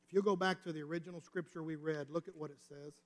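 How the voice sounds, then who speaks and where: Preacher guy, kinda high voice, storytelling sermon, big reverb from the church hall. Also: fairly even intonation, fast talker. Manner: personal storytelling, rising and falling intensity. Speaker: pastor. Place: church sanctuary.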